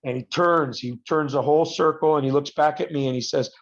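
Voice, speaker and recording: A man, a wrestler being interviewed, telling rambling stories with halting restarts. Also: fairly high pitch. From United States. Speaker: guest, professional wrestler. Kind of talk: casual podcast interview. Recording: slightly dull lo-fi audio.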